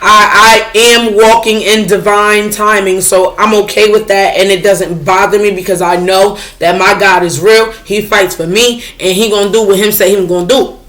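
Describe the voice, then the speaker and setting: A woman's voice: medium pitch, fairly even intonation, moderate pace, hardly any pauses, fairly bright tone. A woman tarot reader in casual spiritual talk to her viewers, frank and chatty, swearing freely and often asking if you follow her. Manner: chatty, frank, swears freely, asks "you know what I'm saying?".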